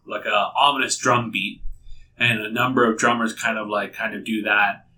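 A man narrating as game master, describing scenes in a loose, rambling way. His voice is bright and clear but set back from the mic. A faint hiss of room noise hangs behind him. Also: mid-range voice, fairly even intonation, fairly quick, distant mic, rough recording.

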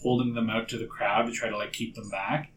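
A man running a tabletop game as game master, narrating in a casual, relaxed way. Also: on the low side, fairly quick, slight background noise, rough recording.

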